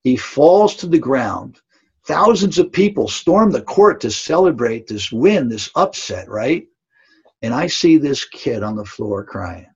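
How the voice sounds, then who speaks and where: Older male coach, gravelly and husky, earnest storyteller, lo-fi audio. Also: medium pitch, animated, unhurried. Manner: earnest, emphatic, tag questions like "right?". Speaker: basketball coach. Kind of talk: storytelling in a podcast interview. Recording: dull lo-fi audio.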